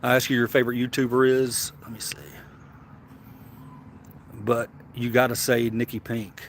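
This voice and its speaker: Southern man, Tennessee drawl, casual livestream chat, stammering restarts, average pitch. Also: flat delivery, normal speed, slight background noise. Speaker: livestream host.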